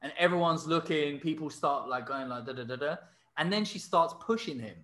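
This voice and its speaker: A man's voice: a little high, a little fast, echoey room. A man hosting a podcast, telling a story casually with lots of fillers. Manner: animated storyteller, many fillers and laughs. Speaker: podcast host. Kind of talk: casual chat.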